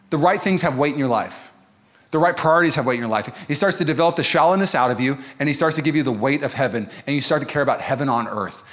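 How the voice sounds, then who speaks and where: A male pastor preaching a sermon to a church congregation, animated and acting out the voices of the people he quotes. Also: a little high. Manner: animated, acts out quoted voices, quick asides. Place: church service.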